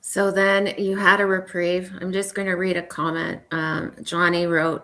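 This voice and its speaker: A woman hosts a casual interview in a notably deep voice. She speaks in a measured, thoughtful way and reads out viewer comments. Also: flat delivery, a bit bright. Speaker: host.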